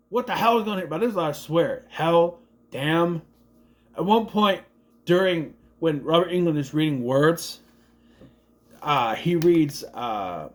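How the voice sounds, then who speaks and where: A young adult man casually recapping and reviewing a movie, rambling and jumping into quick impressions of the characters. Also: on the high side.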